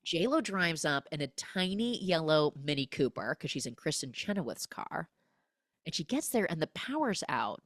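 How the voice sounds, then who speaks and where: A woman hosting a podcast, recapping a film with comic energy and acting out the characters' lines in quick voices. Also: sits low, sing-song, no echo, clean studio sound. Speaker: podcast host.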